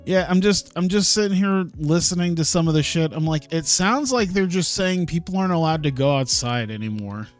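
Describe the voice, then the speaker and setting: A man's voice: a little high, lively intonation, fairly quick, hardly any pauses, faint music behind. A man casually talking through a wrestling management game on a live stream, thinking aloud, chuckling and swearing now and then. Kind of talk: casual gaming stream commentary.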